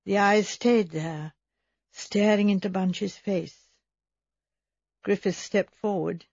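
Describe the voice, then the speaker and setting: Brief: woman audiobook narrator, measured and husky, dry, slightly dull sound. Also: mid-range voice, fairly even intonation, darkish tone, no room sound. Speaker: audiobook reader. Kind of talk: scripted narration.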